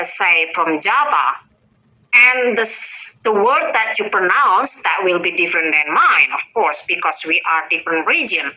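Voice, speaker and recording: Indonesian-accented woman, very bright edgy voice, animated explaining, lots of uh and um, muffled lo-fi call audio. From North Sumatra, Indonesia. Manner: animated, frequent pitch rises, searching with uh and um. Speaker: guest explaining language. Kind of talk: casual explanatory chat.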